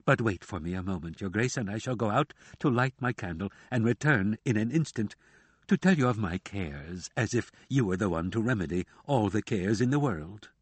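A man's voice: animated, moderate pace, slightly rough, dry recording. Man voicing a proud older woman servant. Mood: indignant. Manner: low, grieving and indignant.

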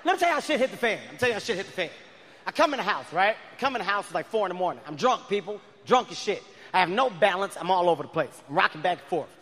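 A man in his thirties doing a loud, profane stand-up comedy routine on stage, shouting his punchlines. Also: high-pitched, lively intonation, fast talker. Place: large comedy venue on stage. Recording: live hall reverb, faint crowd ambience.

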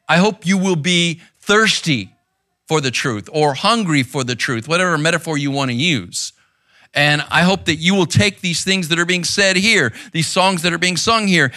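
A man's voice: on the high side, sharp tone, dry recording, clean studio sound. A man preaching a sermon in a conversational, intense way, often checking in with "right?", seated on a stool in a church room. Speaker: pastor.

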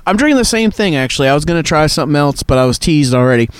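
A man's voice: a little high, lively intonation, very fast, clear, resonant tone. A man hosting a casual chat by a cold outdoor campfire, jokey and laughing easily. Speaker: podcast host and pastor.

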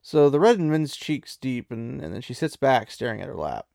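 A man's voice: medium pitch, sing-song, normal speed, creaky, warm tone, dry recording, studio quality. A man casually retelling a fantasy story in a chatty, loose way, with many "he's like" asides.

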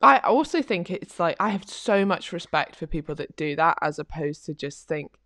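Female podcast co-host, lower voice, chatty, dry close sound. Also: animated, normal speed, a bit bright, no room sound. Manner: chatty, repeats "like" often. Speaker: podcast co-host, fitness coach. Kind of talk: casual chat.

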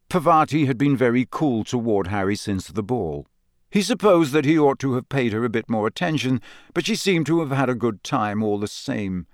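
A man narrating an audiobook, his voice rising and falling in a lively, expressive way. The recording is dry and close, with no room sound. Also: mid-range voice, no room sound. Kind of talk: scripted narration.

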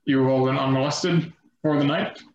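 A man narrating a tabletop game as game master, relaxed and rambling with fillers. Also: mid-range voice, normal speed. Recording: echoey slightly dull room sound.

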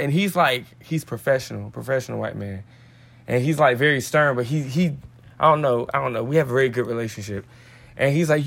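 A man's voice: medium pitch, a little fast, creaky, fairly bright tone. A man hosting a podcast, reading a daily devotional in a casual, slangy way with tangents. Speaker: podcast host.

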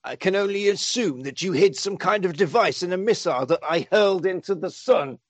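A man's voice: high-pitched, animated, a little fast, dry recording. A man voicing a stern, impatient superhero while retelling a film.

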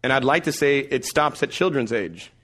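A man in his thirties preaching a sermon, telling family stories with animated delivery and acted-out voices. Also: mid-range voice, normal speed. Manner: animated storytelling, acts out voices. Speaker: pastor.

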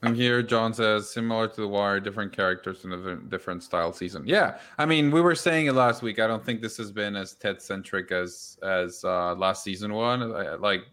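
A man's voice: lowish voice, fairly quick, hardly any pauses, a bit bright. A man hosting a podcast, chatting casually about a TV show, rambling with frequent restarts. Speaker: podcast host. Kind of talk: casual chat.

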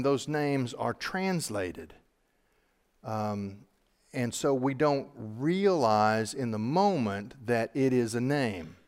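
A man preaching a sermon as a pastor who teaches on the Psalms, earnest, spelling out Hebrew names letter by letter and moving between swelling emphasis and soft, slow passages. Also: fairly high pitch. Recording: long hall reverb.

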